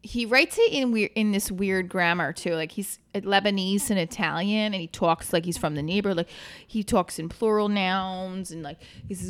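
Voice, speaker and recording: A woman's voice: mid-range voice, normal speed, few pauses. Woman telling a story, acting out every voice. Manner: animated, acts out the voices of people in her story; swears casually. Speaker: comedian guest. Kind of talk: casual storytelling on a podcast.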